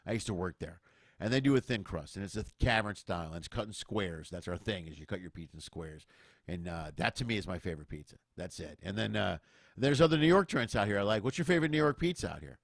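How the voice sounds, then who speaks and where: A man's voice: low voice, animated, quick pace, creaky, dry recording, clean studio sound. A middle-aged man from Chicago hosting a casual chat in an easygoing, enthusiastic way. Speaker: podcast host. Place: home, remote call.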